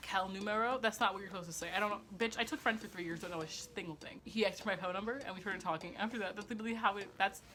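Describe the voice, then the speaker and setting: Chatty, bright-voiced woman telling a story. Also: mid-range voice, fairly even intonation, rapid-fire, few pauses. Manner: chatty, swears freely, laughs often, many "like" fillers. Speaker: storytelling vlogger. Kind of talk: casual storytime chat.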